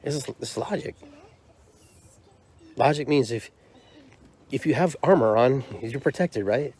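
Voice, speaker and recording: A man's voice: medium pitch, a little slow, a little mellow, husky. A man hosting his own podcast, delivering a heated, frustrated monologue full of repeated rhetorical questions. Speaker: podcast host and drum circle leader.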